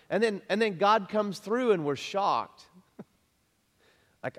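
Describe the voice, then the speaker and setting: A man's voice: high voice, slow pace, pauses often. Chuckling preacher man, hall echo. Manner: lively, chatty preaching with frequent chuckles and repeats. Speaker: pastor. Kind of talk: conversational sermon. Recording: long reverb of a large hall.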